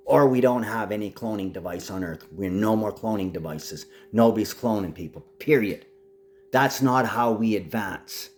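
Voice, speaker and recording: A man's voice: lowish voice, darkish tone. A man talking to camera in a rambling, agitated monologue, addressing absent people directly.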